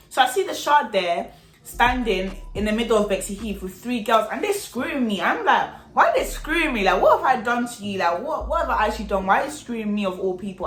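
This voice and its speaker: A woman's voice: medium pitch, echoey room. Chatty woman telling a story. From England. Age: young adult. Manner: chatty, animated, peppered with slang and tag questions. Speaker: storytime vlogger. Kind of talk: casual storytelling.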